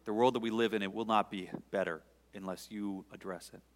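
A man preaching a sermon as pastor, swelling to loud fervent peaks and sinking to near-whispers. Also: lowish voice, fairly even intonation, a little fast, long reverb tail.

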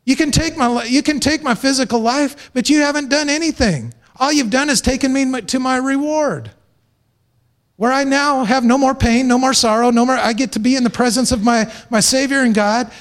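Emphatic high-voiced male pastor preaching. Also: moderate pace. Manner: emphatic, repeats phrases for stress; jokes lightly with the congregation. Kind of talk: sermon.

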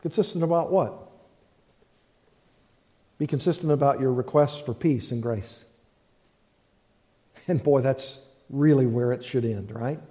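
A man preaching a sermon as pastor, slow and emphatic, repeating key phrases. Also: mid-range voice, warm tone, big-room sound.

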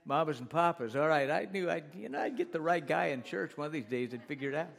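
A man's voice: on the high side, lively intonation, fast talker, gravelly, fairly bright tone. A man preaching a sermon in church, repeating phrases for emphasis and calling on the congregation to answer him. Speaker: pastor.

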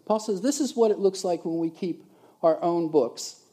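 A man preaching a sermon as a pastor, animated, swinging between loud emphasis and quiet asides. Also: sits high, moderate pace, slightly rough.

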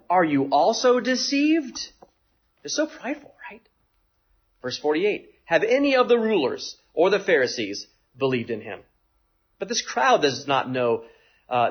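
A man preaching a sermon in an animated way, acting out the voices in the passage he reads and often asking "right?". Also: a little high, breathy edge, muffled recording. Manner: animated, acts out quoted voices, frequent "right?". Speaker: pastor.

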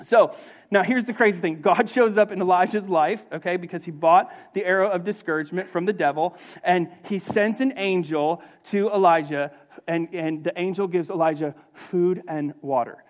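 A man preaching a sermon as pastor, animated and conversational, slipping into acted asides. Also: high-pitched, moderate pace.

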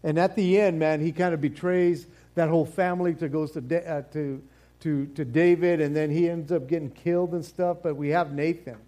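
A man's voice: a little high, fairly even intonation, moderate pace, warm tone. A man teaching a casual Bible study, rambling with many fillers and repeated words, sometimes playfully acting out the figures he describes. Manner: acts out quoted exchanges playfully.

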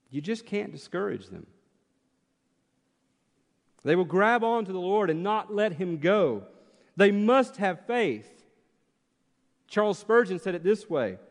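A man preaching an expository sermon as pastor, passionate and rhetorical, repeating phrases for emphasis. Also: high-pitched. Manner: impassioned, rhetorical questions, emphatic repetition. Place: church sanctuary. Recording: church hall with long reverb.

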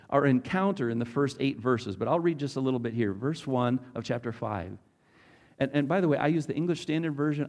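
A man's voice: mid-range voice, a little mellow. A man preaching a casual, conversational Bible teaching, asking his audience questions as he goes.

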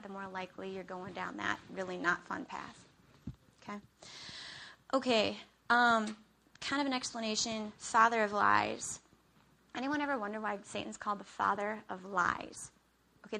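A woman's voice: medium pitch, expressive, normal speed, vocal fry, pushed and bright, a little hiss or hum. A woman giving a conversational Bible teaching into a handheld mic. She keeps checking in with "okay?" and acts out everyday scenes. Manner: chatty, checks in with "okay?" often.

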